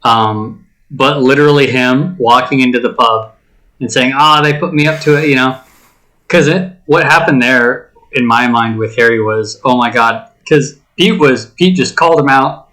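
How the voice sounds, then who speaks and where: A man with a bright, forward voice reflects on a film's characters during a podcast chat. He reasons aloud and often restarts a sentence before finishing his thought. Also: medium pitch, a little slow, low-quality recording. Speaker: podcast co-host. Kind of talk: casual movie discussion.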